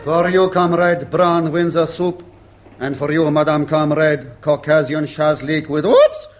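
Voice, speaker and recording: A man's voice: fairly high pitch, flat delivery, unhurried, natural voice. A man playing a fussy waiter who is secretly a British agent in a 1960s radio comedy sketch. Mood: obsequious. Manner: obsequious, put-on foreign-waiter delivery.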